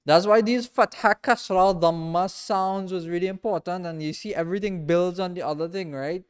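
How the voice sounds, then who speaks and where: A man teaching a reading class in a mosque, patiently repeating and drilling each sound slowly for his students. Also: high voice, clean tone. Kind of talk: classroom lesson.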